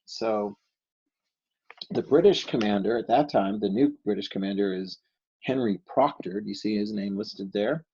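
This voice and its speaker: A low, gravelly American man lectures on history in a relaxed, chatty way, trailing off into ums and asking his students rhetorical questions. His voice is husky, and the recording sounds dull and lo-fi. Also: moderate pace. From United States. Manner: conversational, filler-heavy, asks rhetorical questions, acts out quotes. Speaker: history teacher.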